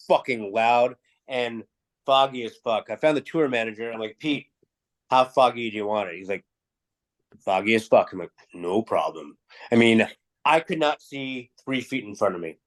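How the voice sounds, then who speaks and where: A man, a music promoter, telling animated backstage anecdotes in a casual interview, acting out dialogue and swearing freely. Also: on the low side.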